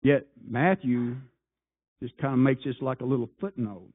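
A man preaching a sermon, firing off rhetorical questions and swinging between loud appeals and hushed asides. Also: mid-range voice, normal speed, slightly rough. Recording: tinny phone-like sound.

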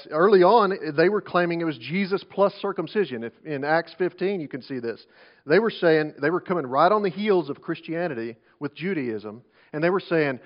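A pastor delivers his sermon in a conversational way, restarting phrases as he goes. His voice sits a little high, and he swings between loud emphasis and quiet asides. The recording is dull and lo-fi.

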